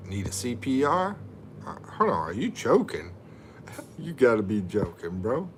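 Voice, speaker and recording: A man's voice: mid-range voice, sing-song, normal speed, fairly bright tone, slight background noise. A middle-aged man, chatting casually on a livestream and reading viewer comments aloud with jokes. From USA. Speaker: livestream host.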